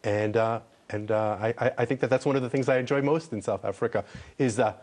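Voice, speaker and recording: A man's voice: medium pitch, fairly even intonation, fairly quick, a little mellow. A man who is an ambassador from Israel, answering questions in a TV news interview in an earnest way and repeating words when he presses a point.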